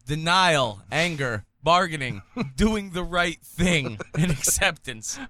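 A young adult man co-hosting a podcast, cracking crude, deadpan jokes while reading gag cards into a close mic. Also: fairly high pitch, slow. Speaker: podcast co-host. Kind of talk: casual comedic chat.

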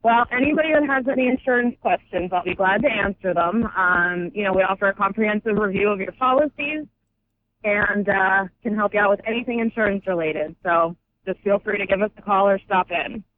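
A woman's voice: mid-range voice, fairly quick. Lady on the phone, tinny line, short matter-of-fact answers. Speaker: insurance agent on a phone call. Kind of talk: phone conversation.

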